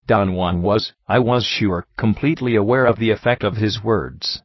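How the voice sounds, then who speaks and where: A man narrating a book in a steady, measured reading style. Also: lowish voice, dry recording. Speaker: audiobook narrator. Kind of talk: scripted narration. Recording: slightly muffled lo-fi recording.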